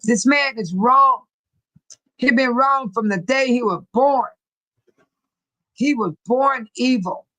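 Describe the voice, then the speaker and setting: A woman's voice: fairly high pitch, takes it slowly, pauses often, bright, forceful tone, no room sound, rough recording. An older woman hosting a casual livestream, chatting with her commenters and laughing often. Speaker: livestream host reading chat.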